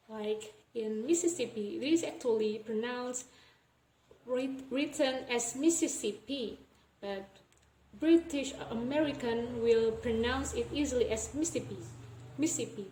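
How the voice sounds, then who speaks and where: Young woman slowly explaining a lesson, stops and corrects herself a lot, mellow tone, echoey room, faint hiss. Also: on the high side. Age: young adult. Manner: slow, hesitant, self-correcting. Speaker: student presenter.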